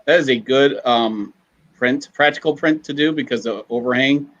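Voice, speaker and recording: A man joining a livestream chat, relaxed and easygoing. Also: medium pitch, normal speed. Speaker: stream guest. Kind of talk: casual chat. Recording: dull remote call audio.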